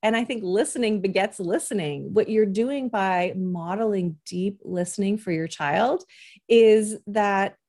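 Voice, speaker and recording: A woman's voice: mid-range voice, unhurried, darkish tone. Earnest woman parent coach. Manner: earnest and reassuring, acts out parent and child lines. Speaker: parent coach and podcast host. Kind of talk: advice podcast monologue.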